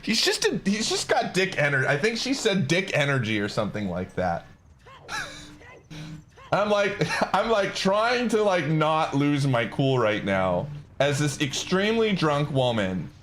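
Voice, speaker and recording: Streamer guy telling a story, laughs a ton, voice jumps all over the place, kinda high. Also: a little slow. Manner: animated, laughs through the telling, slangy. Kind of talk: casual storytelling while gaming.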